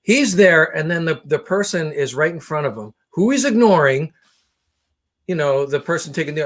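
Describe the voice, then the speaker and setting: A man spinning a comic rant in a slightly high voice. He sounds exasperated and swears freely, with lively, animated delivery. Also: normal speed. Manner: animated, profane, exasperated ranting with voiced impressions. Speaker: podcast co-host. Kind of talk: comedic storytelling rant.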